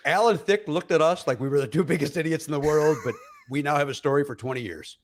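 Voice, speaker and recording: A middle-aged comedian man spins animated stories on a talk show. His voice sits a touch high, and he jumps into exaggerated voices for the people in his tales. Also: fast talker. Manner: acts out other people's voices, with many fillers and laughs. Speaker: comedian guest. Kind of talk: animated comic storytelling.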